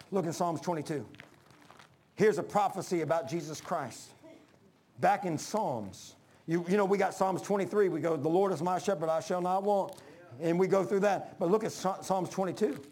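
A man preaching a sermon, emphatic, calling out to the congregation and dropping to hushed lines between loud peaks. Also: high-pitched. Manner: calls for congregation responses.

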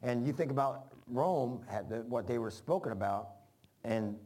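Man, pastor, folksy rambling informal sermon style, mid pitch. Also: moderate pace, warm tone. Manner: folksy, rambling, repeats phrases.

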